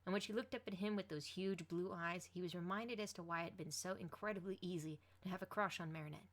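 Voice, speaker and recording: A woman reading a fan fiction story aloud, expressive as she voices each character. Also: on the low side, fast.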